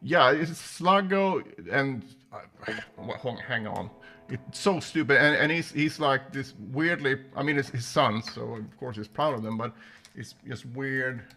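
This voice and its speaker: A man's voice: medium pitch, unhurried. A man giving a casual livestream guitar lesson, talking loosely, swearing now and then, and counting beats aloud as he plays. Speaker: guitar teacher. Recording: guitar playing loudly behind voice. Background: loud electric guitar.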